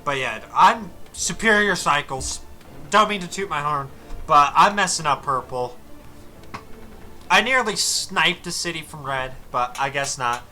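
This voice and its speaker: A bright, high-pitched young man talks over his game footage in a casual, animated way, his voice leaping around as he gets worked up. Faint music runs underneath. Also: measured pace. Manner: excitable, exasperated, swears casually. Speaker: gaming commentator. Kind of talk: casual gameplay commentary.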